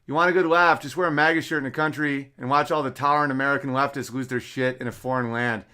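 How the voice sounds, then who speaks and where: A man hosting a casual livestream, reading listener messages aloud with rambling, profane asides that swing from mumbles to loud bursts. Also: medium pitch, fairly even intonation, fast talker, clean tone.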